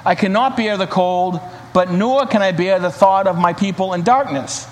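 A man voicing a hopeful young cave woman, speaking softly with wonder. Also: sits high, normal speed, lightly acted. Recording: reverberant hall, faint hiss.

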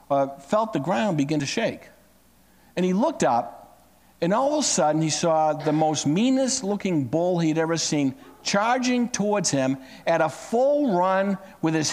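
A man preaching a sermon as pastor, telling stories with big swings in his voice. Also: long reverb tail. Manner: animated storytelling with big pitch swings.

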